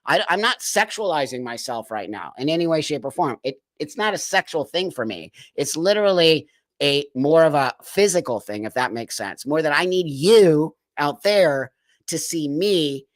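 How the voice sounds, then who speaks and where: A man's voice: fairly high pitch, very animated, moderate pace, dry recording. Blunt, mocking male stream host. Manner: blunt and mocking, laughs often. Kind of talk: live stream commentary.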